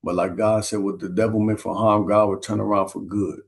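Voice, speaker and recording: A man's voice: on the low side, level tone, brisk, vocal fry. A man guest, retelling a story in an earnest, emotional way, close to tears. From Minneapolis, USA.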